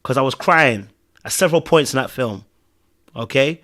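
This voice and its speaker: A man with a British accent co-hosting a casual podcast, animated and swinging between loud bursts and hushed asides. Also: mid-range voice, normal speed. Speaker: podcast co-host.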